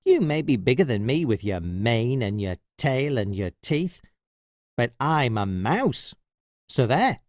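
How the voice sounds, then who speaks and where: A man voicing a tiny, bold and stubborn male mouse in a squeaky voice. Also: big pitch swings, takes it slowly, a little mellow, no echo, studio quality. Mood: defiant.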